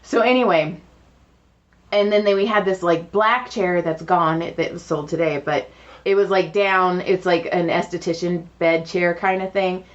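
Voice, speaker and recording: A woman's voice: lowish voice, normal speed. A woman co-hosting a podcast, telling stories in casual chat and acting out the dialogue of the people in them. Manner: animated, acts out quoted dialogue. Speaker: podcast co-host. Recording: dull lo-fi podcast audio.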